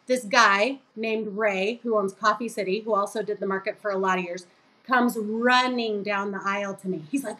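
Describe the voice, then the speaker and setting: A middle-aged woman, a guest on a podcast, telling a lively story and acting out the voices of the people in it. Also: mid-range voice, normal speed, rough recording. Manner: animated, acts out quoted voices. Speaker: guest, business co-owner.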